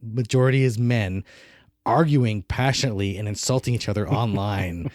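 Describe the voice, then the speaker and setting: A man giving strong opinions in a casual podcast chat about films. His voice is mellow and dark, and he rambles and restarts his sentences. The sound is dry and close to the mic. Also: fairly low pitch, moderate pace, no echo. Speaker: podcast co-host. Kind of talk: casual film review chat.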